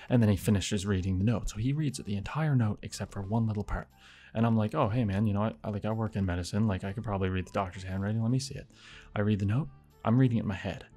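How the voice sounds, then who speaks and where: A young man tells a rambling personal story in a low, slightly husky voice. He swears freely and drops into muttered asides. Soft music sits faintly behind him. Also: fast talker. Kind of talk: casual storytelling.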